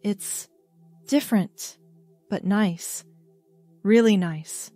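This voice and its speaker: A woman voicing a shy, hushed young man. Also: medium pitch, drawn-out words, faint music behind. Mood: awed. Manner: hushed, breathy, hesitant. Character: shy, nervous young man, grateful boyfriend.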